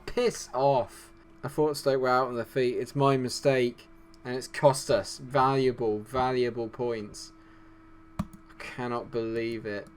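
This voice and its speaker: A man giving excited, hoarse commentary on his football management game, swinging from glum muttering to shouted outbursts. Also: medium pitch, a little hiss or hum. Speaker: gaming YouTuber.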